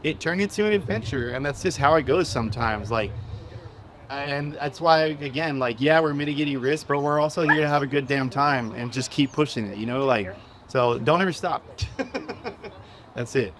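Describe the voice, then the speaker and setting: A man on a live panel telling an adventure story in a casual, energetic way. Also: mid-range voice, a little fast, crowd noise. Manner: casual, energetic, lots of "dude" and "like". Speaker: panel guest. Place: live event at a cafe.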